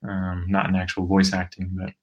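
A man co-hosting a podcast chats casually about a video game in a laid-back, hesitant way, offering short agreeing replies. His deep voice is completely flat at normal speed, and the audio sounds dull.

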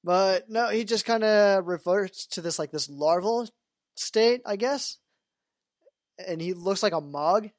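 Unhurried and high-pitched, this man hosts a podcast and chats casually about a video game, wandering off track and leaning on fillers like "you know" and "like." The studio sound is clean, with no echo at all.

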